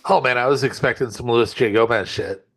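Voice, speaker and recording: Husky-voiced man reacting on a podcast. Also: medium pitch, brisk, fairly bright tone. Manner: brief reactive interjections, laughing. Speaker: podcast co-host. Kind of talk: casual chat.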